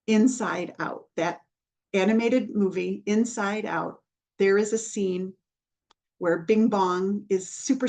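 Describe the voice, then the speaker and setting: Woman on a podcast, slow unhurried talk, mid pitch, patient and explaining, keeps asking "right?". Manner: softens into gentle calming phrases when modeling. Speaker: podcast host, child development professional.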